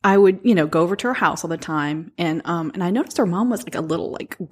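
A woman with a somewhat low voice chats casually and tells stories. She often chimes in to agree. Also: expressive, fast, breathy edge. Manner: chatty storyteller, frequent agreement. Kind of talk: casual chat.

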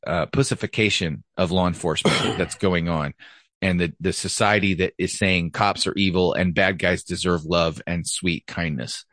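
Blunt, profane man with a low voice. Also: fairly bright tone, dry recording. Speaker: podcast host, former police officer. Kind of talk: casual podcast chat.

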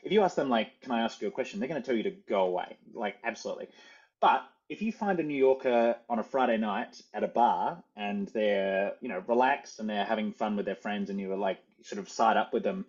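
A man's voice: on the low side, slightly rough, muffled recording. A man with an Australian accent, talking as a guest in a casual interview, chatty and often restarting his sentences with "like". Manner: chatty, self-correcting, frequent "like" fillers.

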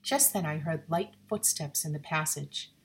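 A woman narrating a ghost story in an expressive, suspenseful reading. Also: low-pitched, normal speed.

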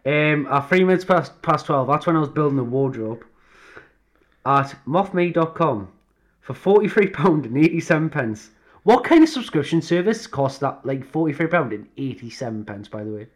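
A man's voice: fairly high pitch, expressive, normal speed. A man co-hosting a podcast, chatting casually and telling stories with swearing and laughter. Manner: banter with swearing and frequent laughs. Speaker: podcast co-host. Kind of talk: casual chat.

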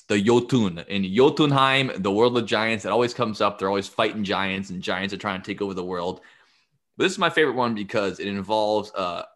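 A man's voice: lowish voice, fairly bright tone. A man hosting a podcast, retelling myths in a jokey, rambling casual way. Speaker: podcast host. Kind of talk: casual storytelling.

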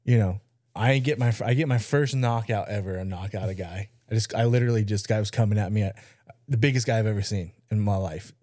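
Speaking fairly quickly in a warm, lowish voice, this man in his thirties co-hosts a podcast and tells a story casually. He curses without restraint and performs the voices of the people he quotes. The sound is dry and close to the mic, with no room sound.

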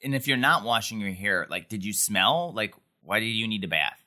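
A man's voice: lowish voice, expressive, normal speed, bright, forceful tone. A man co-hosting a podcast, recapping a TV episode in casual, wry, joking chat.

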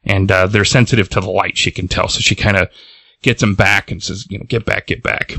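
A man's voice: sits low, little pitch movement, brisk, pushed and bright, dry recording. A man cohosting a podcast, casually recapping a comic plot, rambling with fillers and chuckles.

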